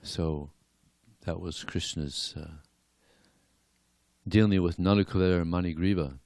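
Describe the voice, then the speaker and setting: A man giving a devotional class and telling stories in an animated way, chuckling now and then. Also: low-pitched, unhurried, dry recording. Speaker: lecturer. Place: temple hall.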